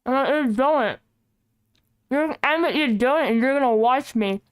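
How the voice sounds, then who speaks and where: High-voiced playful woman streamer. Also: a little slow, clear, resonant tone, no echo, studio quality. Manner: playful, teasing, self-mocking. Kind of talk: casual livestream chat.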